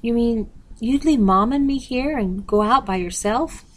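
A woman's voice: a little high, a little slow, pitched above the performer's own voice. A woman reading aloud, voicing an eager young girl in a storybook.

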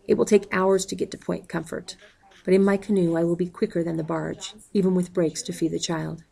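A woman reading a novel aloud in a calm, even way, calling out the page numbers as she goes. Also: fairly low pitch, a little fast, vocal fry, low-quality recording. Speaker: audiobook reader.

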